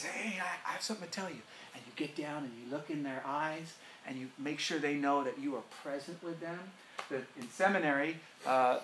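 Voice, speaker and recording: Man, middle-aged, pastor preaching, joking and animated, somewhat high voice, roomy echo. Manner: animated, joking, laughs often. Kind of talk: sermon. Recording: roomy echo, faint room noise.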